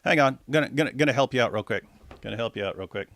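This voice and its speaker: A man's voice: medium pitch, rapid-fire, fairly bright tone, no room sound. Sarcastic man hosting a livestream. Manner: sarcastic, stammering restarts, laughs in disbelief. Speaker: host. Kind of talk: livestream commentary reacting to clips.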